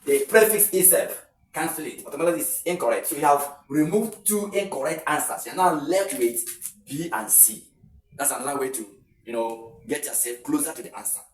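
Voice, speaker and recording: A man's voice: a little high, a little fast. Nigerian guy teaching at the board, far off mic, echoey room, lots of ums. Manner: explanatory, repeats phrases, many fillers. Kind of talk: classroom exam tutorial. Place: classroom with a board. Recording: roomy, distant camera mic with faint hiss.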